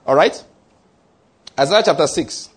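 A man's voice: fairly high pitch, a little slow, breathy edge. A man preaching a sermon, emphatic and repetitive, often checking whether his listeners follow him. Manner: emphatic, repeats key lines, asks the congregation questions.

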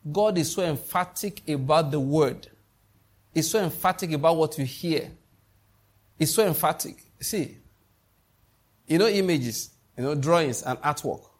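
A middle-aged man with a Nigerian accent preaching a sermon, emphatic, repeating key phrases and checking that his listeners follow. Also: on the high side. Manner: emphatic, repeats lines, asks the congregation questions. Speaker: pastor.

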